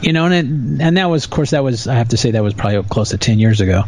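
A man in a casual podcast conversation, ranting with indignation and mocking others in quick quoted asides. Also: mid-range voice, animated, darkish tone, slight background noise.

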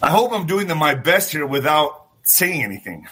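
A middle-aged man hosting a livestream, ranting about politics in a profane, animated way, talking straight to his viewers and acting out little scenes in voices. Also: a little high, normal speed, noisy background. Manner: talks to viewers directly, asks for thumbs up. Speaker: political commentary host.

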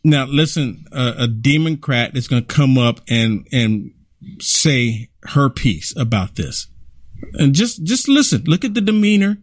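A man's voice: mid-range voice, very animated, a little slow, dry recording, clean studio sound. A man giving outraged political commentary over video clips, repeating himself and urging listeners. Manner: indignant, repetitive, urging.

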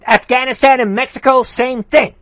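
A livestream host with a very high, fairly bright voice rants through heated political commentary at a moderate pace and steady tone, with no room sound. Impassioned and straining his voice, he reads viewer comments aloud and repeats rallying calls.

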